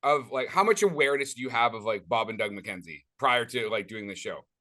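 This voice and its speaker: A man hosting a movie podcast in casual chat, rambling with many restarts and quick to laugh. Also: mid-range voice, animated, pushed and bright. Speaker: podcast host.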